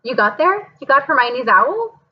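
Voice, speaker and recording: A woman's voice: sits high, big pitch swings, moderate pace, dull audio, pitched above the performer's own voice. A woman reading aloud, voicing an anxious, brave young schoolboy who speaks in an urgent rush. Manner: urgent, breathless pleading.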